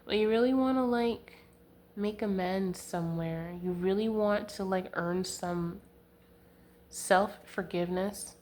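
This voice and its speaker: A woman's voice: medium pitch, a little slow, darkish tone, a little hiss or hum. Giggly young woman reading tarot. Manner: chatty and giggly, full of "like" fillers. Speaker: tarot reader. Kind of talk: casual tarot reading to camera. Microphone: handheld camera mic.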